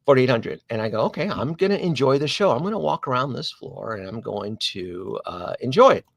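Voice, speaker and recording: Gravelly and fairly quick, this medium-pitched male voice belongs to the host of a collectibles live stream. He rambles through a long story in a casual, animated, digressive way, often restarting and making asides to viewers. No room sound is audible.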